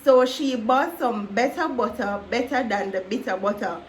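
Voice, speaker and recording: A woman's voice: on the high side, moderate pace, slight background noise. A woman vlogger taking on a tongue-twister challenge, giggling and stumbling over the words.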